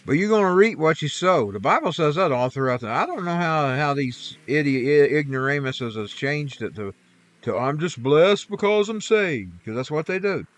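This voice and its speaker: Talking at normal speed, this man has an animated voice that sits on the high side. He's streaming a game, chatting loosely and rambling folksily about scripture and faith with preachy remarks.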